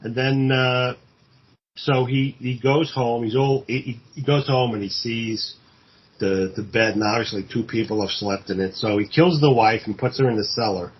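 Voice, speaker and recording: A man's voice: mid-range voice, fairly even intonation, moderate pace, slightly rough, muffled recording. A man co-hosting a podcast, casually retelling a film plot with many fillers and restarts, now and then acting out the lines. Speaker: podcast co-host.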